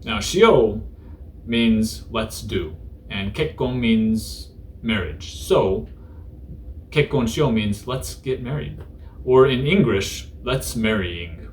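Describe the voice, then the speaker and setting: Low-voiced man giving a joking Japanese lesson. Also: animated, slow pace, slight background noise. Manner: joking, irreverent; laid-back, many fillers. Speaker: host teaching Japanese through news. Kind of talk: casual vocabulary lesson.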